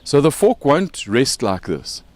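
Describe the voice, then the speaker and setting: A man's voice: medium pitch, big pitch swings, a little slow, no room sound. A man with a South African accent hosting a casual show, explaining with props and joking along the way. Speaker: podcast host.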